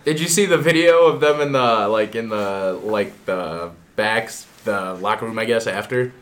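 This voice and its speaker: A man in relaxed podcast chat, telling stories and stats in a laid-back way. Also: lowish voice, unhurried. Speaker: podcast co-host. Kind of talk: casual sports chat.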